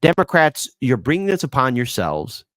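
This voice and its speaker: A man's voice: mid-range voice, big pitch swings, moderate pace, dry recording, clean studio sound. A man hosting live-stream political commentary in a sarcastic, mocking way, laughing at his own jokes.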